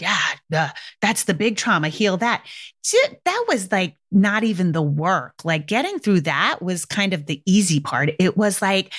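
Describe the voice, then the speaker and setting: A woman's voice: lowish voice, a bit bright. A middle-aged woman hosting a parenting podcast in casual solo talk, chatty and emphatic, often asking "right?" and addressing listeners as "you guys".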